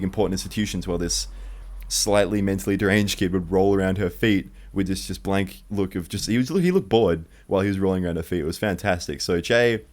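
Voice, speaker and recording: A man's voice: low voice, a little mellow. A young man telling a true childhood story in one take, rambling and profane.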